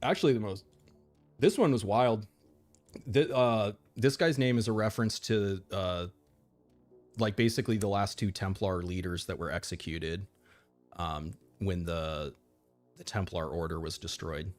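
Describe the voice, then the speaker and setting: A man's voice: deep voice, unhurried, faint music behind. An American man giving casual, rambling game commentary, laughing often and restarting his sentences. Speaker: streamer.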